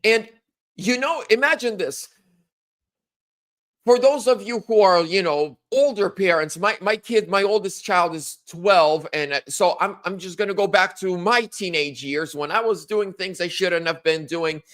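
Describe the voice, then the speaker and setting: A man in his thirties hosting a casual political monologue, animated, acting out quotes in a higher voice. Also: a little slow. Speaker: political commentary host.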